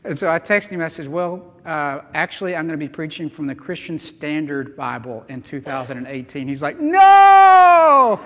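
A man's voice: on the high side, fairly even intonation, fairly quick, few pauses, fairly bright tone, long reverb tail. A man preaching a sermon as pastor, earnest and emphatic, mixing scripture reading with chatty asides. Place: church sanctuary.

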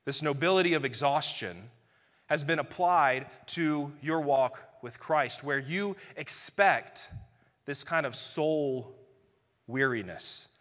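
A man's voice: fairly high pitch, slow, a bit bright. A man preaching a sermon in a conversational way, acting out everyday exchanges. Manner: conversational preaching with playful acted-out quotes. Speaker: pastor. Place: large church hall. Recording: live sermon with hall reverb.

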